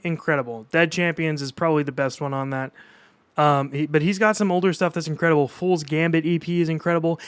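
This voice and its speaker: A man's voice: fairly high pitch, clear, resonant tone, no room sound. A young man streaming live, reacting to new music in a casual, enthusiastic way and chatting with his viewers.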